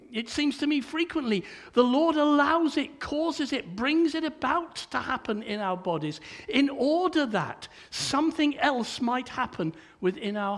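An older man preaching a sermon in a conversational way, often stumbling and restarting his words. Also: extremely high pitch.

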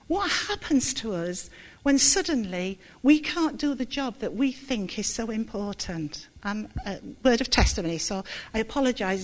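Brief: middle-aged woman, slightly high voice, preaching her own testimony, candid, halting, near tears. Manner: candid, self-deprecating, halting with restarts. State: close to tears. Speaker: church speaker giving testimony. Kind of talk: sermon with personal testimony.

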